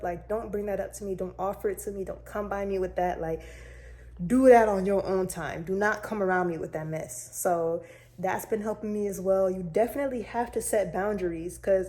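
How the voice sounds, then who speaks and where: Mellow-voiced young woman telling a story. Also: medium pitch. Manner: chatty and candid, talks straight to viewers. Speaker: vlogger. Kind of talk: casual personal storytelling to camera.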